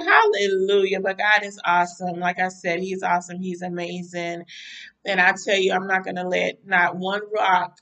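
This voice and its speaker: A woman's voice: medium pitch, pushed and bright, recorded from a distance, low-quality recording. A woman minister giving a fervent devotional talk full of repeated praise phrases, her voice sounding tired and mentally weary. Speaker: minister and podcast host. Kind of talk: devotional talk to a live audience.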